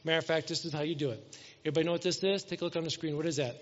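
A man's voice: on the high side, steady tone, rapid-fire. A middle-aged male pastor preaching a conversational sermon, asking the congregation questions and acting out everyday scenes. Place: church hall. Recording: dull sound with long hall reverb.

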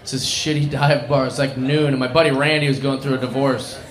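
A man's voice: medium pitch, steady tone, a little fast. A man telling a dive-bar story in casual chat, swearing and laughing at himself. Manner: swearing, self-mocking, laughing. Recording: roomy echo with crowd noise.

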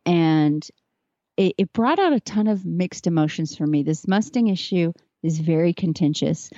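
A woman's voice: on the low side, animated, moderate pace, warm tone, no room sound, lo-fi sound. A woman talking casually as a podcast guest, earnest and chatty about horses she trains. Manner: earnest, chatty, tearing up at moments.

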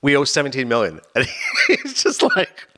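A man's voice: medium pitch, moderate pace, noisy background. A man co-hosting a casual podcast, retelling anecdotes and briefly acting out the people in them. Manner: animated storyteller, acts out quoted people. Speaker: podcast co-host.

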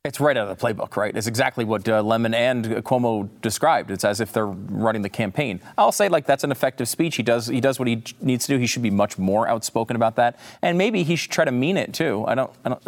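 A man hosting an opinionated commentary show, sarcastic and indignant, often restarting his sentences. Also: medium pitch. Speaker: political commentary host.

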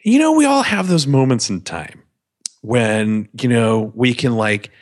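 A man's voice: medium pitch, very animated, unhurried. A man, a business owner guest on a podcast interview, telling candid, self-deprecating stories from his work.

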